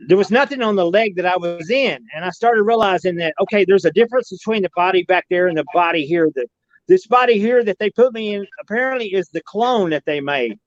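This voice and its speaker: A man with a fairly high voice spins a long, rambling tale, repeating himself as he goes. His folksy speech comes through a dull, lo-fi line with no room sound around it. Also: dry recording. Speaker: podcast guest recounting an alien encounter. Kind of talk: casual storytelling.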